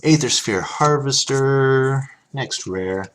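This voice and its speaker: A man's voice: medium pitch, takes it slowly, fairly bright tone. A man casually chatting on a live stream, reading card text aloud and thanking viewers as he opens packs.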